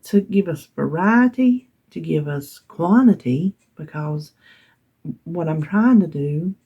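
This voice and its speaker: Chatty Southern woman with a gravelly voice. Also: sits low, expressive, slow, dull audio. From North Carolina. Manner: chatty and self-deprecating, laughs often, drops to whispers. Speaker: vlogger. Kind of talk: casual chat to camera.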